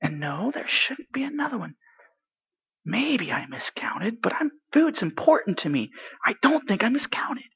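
An excitable eight-year-old village boy, played by a grown man, tells his tale in a very high, bright voice with a husky edge. He chatters eagerly and slips into hushed, secretive asides. The recording sounds dull and lo-fi. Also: moderate pace, heavily acted. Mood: wide-eyed excitement. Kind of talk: dramatic first-person monologue.

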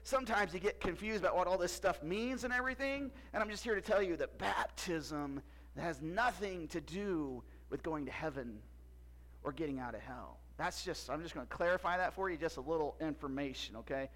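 A costumed storyteller in a church skit performs a first-person Bible story, playful and jokey, quizzing the audience. His voice is a little high, brisk, and a bit bright, in a rough recording.

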